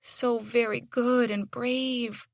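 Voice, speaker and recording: A woman's voice: a little high, fairly even intonation, very slow, gravelly, fairly bright tone, no echo, clean studio sound, pitched above the performer's own voice, heavily acted. A woman voicing a young woman in an audiobook, who speaks soothingly and firmly to her injured dog. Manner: soothing and coaxing with a hurt pet; firm commands to the dog. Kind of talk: audiobook character dialogue.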